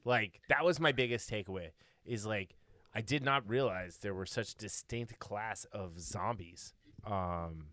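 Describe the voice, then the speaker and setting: A young man with a somewhat low voice hosts a podcast in easy, chatty banter and laughs often. The recording is dry and close. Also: a little slow, a bit bright, dry recording. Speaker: podcast host. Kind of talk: casual chat.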